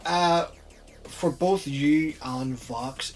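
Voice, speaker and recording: A man's voice: medium pitch, lively intonation, moderate pace, noisy background. A man narrating as game master of a tabletop game, giving matter-of-fact rulings.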